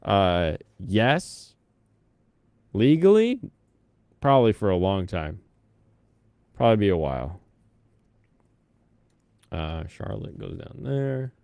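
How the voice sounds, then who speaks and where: A man's voice: low voice, animated, takes it slowly, vocal fry, pauses often, a little mellow, no room sound. A man chatting casually on a live stream, rambling between topics and humming to himself.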